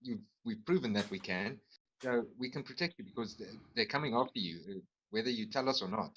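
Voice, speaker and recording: A man's voice: lowish voice, animated, fairly quick, a bit bright, lo-fi sound. A man playing a tabletop game over an online call, earnest and persuasive. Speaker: player. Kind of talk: casual chat and in-character talk.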